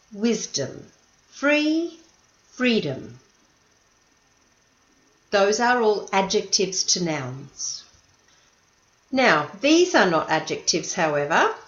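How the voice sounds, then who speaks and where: Guru bahasa Inggris wanita yang lambat dan ekspresif, ruangan bergema. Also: female voice, medium pitch, a bit bright, echoey room, highs cut off. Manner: patient, stresses syllables deliberately. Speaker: English teacher. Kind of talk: slow, clear English lesson.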